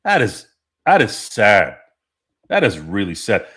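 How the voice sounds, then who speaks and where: Slow-paced and lowish, his fairly bright, slightly rough voice swings hugely in pitch. The sports podcast host rambles through a casual stream, laughing often and swearing as he reads the chat.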